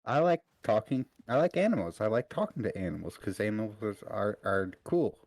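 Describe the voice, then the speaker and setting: A man's voice: fairly low pitch, normal speed, a little mellow. A man playing a tabletop game in character, explaining himself earnestly and naively. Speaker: player. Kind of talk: casual in-character role-play.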